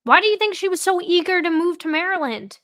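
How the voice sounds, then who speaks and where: A woman with a high, bright voice reacts to trial footage with sarcasm and indignation. She sounds worked up and pointed as she argues her side. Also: lively intonation, fast. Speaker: true crime commentator.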